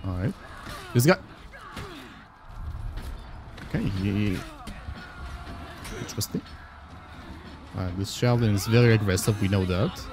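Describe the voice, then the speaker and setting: A man's voice: fairly low pitch, moderate pace, pauses often, music in the background. A man streaming a video game, chatting casually with viewers, swearing and yelping at the action. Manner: excitable, swearing, yelps at the action. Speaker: gaming streamer. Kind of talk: casual live-stream commentary while playing.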